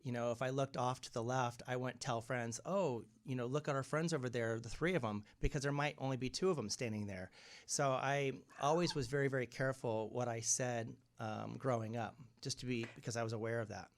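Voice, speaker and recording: A man with a medium-pitched voice tells stories in a relaxed interview. His delivery is animated, and he puts on the voices of people he quotes. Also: brisk. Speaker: guest medium. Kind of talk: casual interview conversation.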